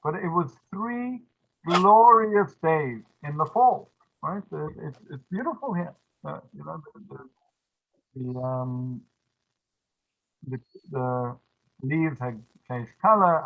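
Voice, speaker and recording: Guy teaching with stories, kinda high voice, chatty, tinny phone sound. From South Africa. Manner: chatty, frequent restarts and asides. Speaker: religious teacher. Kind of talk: storytelling lesson.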